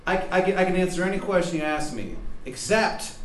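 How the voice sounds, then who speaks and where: A man voicing an overly polite, dead-serious male informant in a trench coat, with a bad imitation Baltimore accent and a loud, friendly manner. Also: sits high, a little fast, pitched above the performer's own voice, lightly acted. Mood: earnest. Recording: echoey room, mic at a distance, faint noise.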